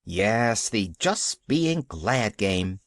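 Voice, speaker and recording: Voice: mid-range voice, very animated, extremely slow, no room sound, studio quality, full character voice. A reader voicing an eager, cheerful little orphan girl. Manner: bright, eager, upbeat.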